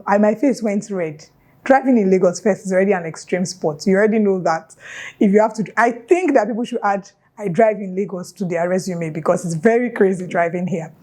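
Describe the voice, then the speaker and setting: A young YouTuber with a Nigerian accent recounts a story on her vlog, casual and animated, tossing in playful local asides. Her pitch is medium and she talks a little fast.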